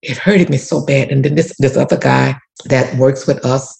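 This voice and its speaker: A woman's voice: a bass voice, steady tone, normal speed, gravelly, darkish tone, poor audio. A woman, a community activist and former teacher, telling a personal story earnestly with many restarts. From Louisiana. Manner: earnest, repetitive restarts, prayerful.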